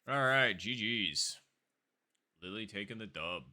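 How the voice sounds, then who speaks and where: Low-voiced chatty male streamer. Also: animated, unhurried, bright, forceful tone. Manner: rambling, chatty, with frequent fillers and self-asides. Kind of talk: casual live-stream chat over a game.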